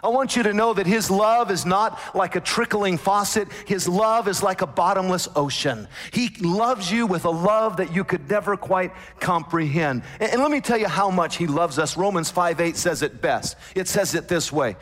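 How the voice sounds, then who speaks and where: A man preaching a sermon, emphatic, slowing down to stress scripture quotations. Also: high voice, a bit bright. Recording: long hall reverb.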